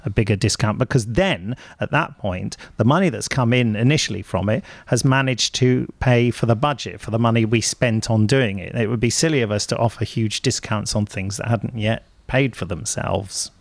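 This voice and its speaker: A man's voice: fairly low pitch, moderate pace, gravelly, few pauses, dry recording. A man hosting a studio podcast in casual chat, joking and poking fun at himself. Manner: jokey, self-mocking, laughs often. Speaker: podcast host. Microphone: studio mic.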